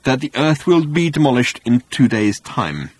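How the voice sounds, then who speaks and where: A man's voice: medium pitch, sing-song, moderate pace, breathy edge, no room sound. A man reading an audiobook, voicing an unflappable, worldly alien man in a dry, curt manner. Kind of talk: audiobook character voice.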